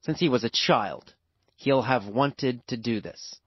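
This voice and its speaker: A man teaching English by telling a simple story slowly, with exaggerated, repetitive emphasis. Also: slightly rough, no echo. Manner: exaggerated, repetitive, animated storytelling with big pitch swings. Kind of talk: slow, emphatic storytelling lesson. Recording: dull lo-fi, dry recording.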